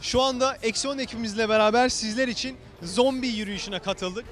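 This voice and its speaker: A man's voice: very high voice, steady tone, quick pace. A man from Turkey working as a TV reporter, joking and teasing as he interviews people outdoors on city streets with a handheld mic. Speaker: TV reporter and host. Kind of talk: playful street interviews and narration. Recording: music playing under the voice. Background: loud music.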